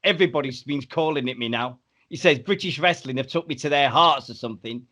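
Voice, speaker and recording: A podcast host tells stories with animated energy. His voice sits at an ordinary middle pitch. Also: fairly quick. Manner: animated storyteller. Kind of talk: casual anecdote chat.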